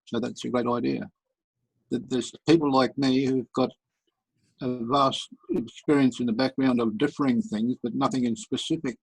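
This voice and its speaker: Gravelly, husky man on a call. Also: mid-range voice, steady tone, no room sound, rough recording. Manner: measured, ends turn with "over". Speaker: participant. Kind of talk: video call discussion.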